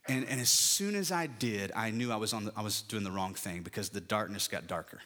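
A man's voice: fairly low pitch, brisk, bright, forceful tone. A middle-aged man preaching a sermon, building emphatic lists and telling a personal story from the pulpit. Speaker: pastor.

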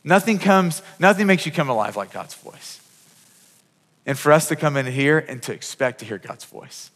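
A man's voice: on the high side, lively intonation, normal speed, fairly bright tone. Conversational pastor man in a reverberant hall. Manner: conversational preaching with frequent repeated words and restarts. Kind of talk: sermon. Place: church sanctuary. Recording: long reverb of a large hall.

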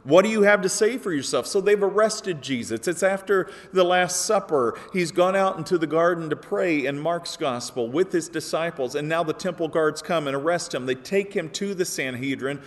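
A man's voice: a little high, moderate pace, few pauses. Man preaching a sermon in a reverberant hall. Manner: earnest, builds to emphatic peaks when quoting. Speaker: pastor.

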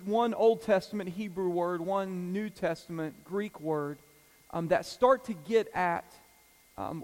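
A man delivering a sermon in a church, his voice a little high for a man and carried by long reverb through the hall. He speaks in an easygoing way, with "um"s and side comments, and slows down when he reads scripture aloud. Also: a little mellow. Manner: conversational preaching with fillers and asides. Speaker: pastor. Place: church sanctuary.

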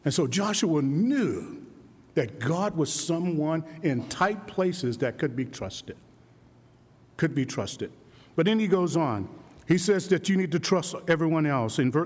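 A man preaching a sermon with animated delivery and frequent rhetorical questions, dropping low and slow when he quotes. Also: long reverb tail. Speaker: pastor.

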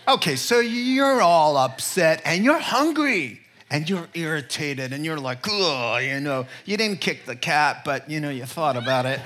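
Male pastor, bright slightly high voice, animated storyteller who drops to a hush for emphasis. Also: measured pace, hardly any pauses. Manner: animated storytelling with wide pitch swings; drops to soft, quiet delivery for emphasis. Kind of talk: sermon.

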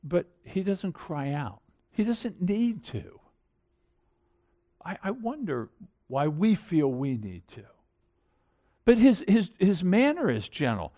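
A man's voice: a little high, a little mellow. A middle-aged man preaching a sermon in an earnest, conversational way, building to emphatic points. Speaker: pastor.

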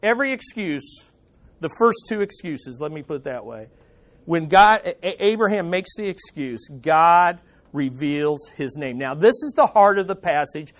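A man preaching a sermon at a church service, animated, putting rhetorical questions to the congregation. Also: on the high side, moderate pace. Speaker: pastor.

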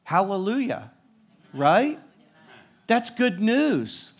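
A man's voice: high-pitched, very animated, extremely slow. A man preaching a sermon, reading scripture aloud and commenting with emphatic declarations.

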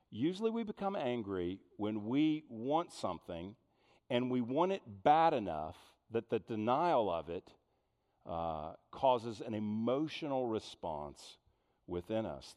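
A man preaching a sermon in an animated way, full of rhetorical questions. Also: on the low side, long reverb tail. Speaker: pastor.

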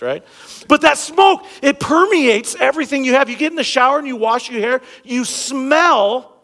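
A man's voice: very high voice, creaky, pushed and bright. A man in his thirties preaching a sermon as a pastor, talking in a conversational, joking way and hitting key words hard. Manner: conversational and humorous, jokes with the congregation; emphatic, punching key words. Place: church sanctuary stage under bright lights. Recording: long reverb of a large hall.

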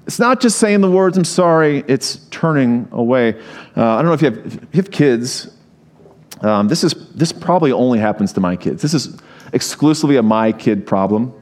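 A man's voice: mid-range voice, lively intonation, normal speed, darkish tone. A man preaching a sermon in a conversational way, reading scripture and adding humorous asides. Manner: reads scripture aloud. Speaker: pastor.

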